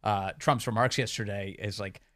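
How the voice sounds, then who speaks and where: A man's voice: lowish voice, steady tone, moderate pace, fairly bright tone. A man hosting a talk radio interview, speaking in an emphatic, opinionated way.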